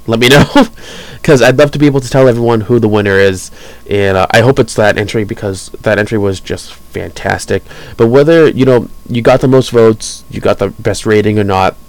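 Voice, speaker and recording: A man's voice: medium pitch, a little mellow, no room sound, poor audio. A man hosting a casual podcast, rambling and chuckling enthusiastically as he talks about hobby news. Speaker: podcast host.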